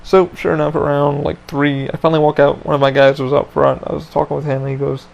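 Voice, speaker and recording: A man's voice: fairly high pitch, flat delivery, fast, gravelly, hardly any pauses, muffled recording, a little hiss or hum. A man hosting a podcast, telling a story in a casual chat with lots of swearing and loose rambling. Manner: profane, laid-back, loose rambling. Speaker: podcast host.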